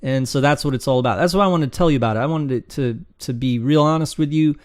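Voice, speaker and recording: Talking fast in a medium pitch, this man gives loose, rambling screen-share teaching on launching an online business. Animated, he mimics his students as they voice complaints, and the recording is dry and studio quality.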